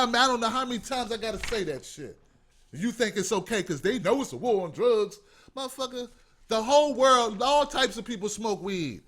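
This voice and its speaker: A man's voice: high voice, a bit bright. A man hosting a call-in talk show, ranting with passion and profanity. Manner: impassioned, profane, emphatic. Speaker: host. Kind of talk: heated call-in show rant.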